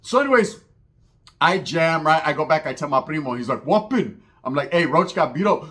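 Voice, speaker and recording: A man's voice: fairly high pitch, normal speed. A man telling a profane street story, acting out the voices of the people in it. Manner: profane, animated, acts out other voices.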